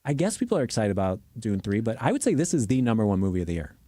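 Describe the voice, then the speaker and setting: A man co-hosting a podcast, chatting casually about movies in an animated, joking, self-mocking way. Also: lowish voice, very fast, dry recording, clean studio sound. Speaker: podcast co-host. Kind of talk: casual movie review chat.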